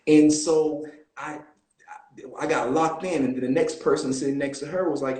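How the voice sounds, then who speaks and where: Relaxed man telling stories on a video call. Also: fairly high pitch, moderate pace, reverberant, low-quality recording. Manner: relaxed, animated storytelling with fillers. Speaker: guest actor. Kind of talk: casual interview storytelling.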